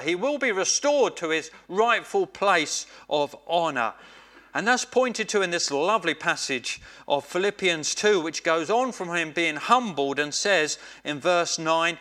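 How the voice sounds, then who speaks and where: A man preaching a sermon in a slow, deliberate way, drawing out key phrases and repeating them for emphasis. His voice sits a little high for a man and sounds bright and clear. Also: lively intonation.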